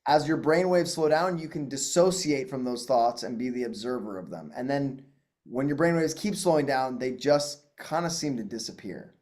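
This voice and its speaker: A man coaching on a group call, calmly explaining how hypnosis and trance work. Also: mid-range voice, normal speed.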